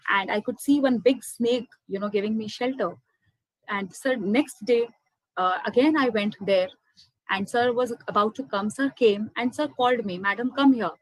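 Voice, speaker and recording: Woman telling her spiritual story, bit high voice, emotional, keeps saying friends, dry close sound. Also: moderate pace, no echo, low-quality recording. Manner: heartfelt, keeps addressing listeners as friends. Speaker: speaker sharing a spiritual testimony. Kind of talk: personal testimony to an audience.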